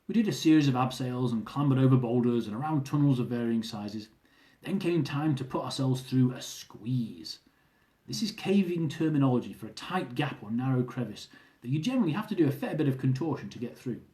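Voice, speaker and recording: A man reading his own travel memoir aloud in a lively, amused storytelling manner, often chuckling. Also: medium pitch, a little fast, roomy sound.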